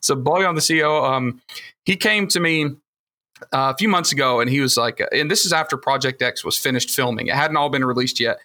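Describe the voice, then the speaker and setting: A man's voice: mid-range voice, fairly quick, bright, forceful tone. A man with a Southern Alabama accent, telling rambling, enthusiastic stories with plenty of fillers on a casual podcast. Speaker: podcast guest, future host.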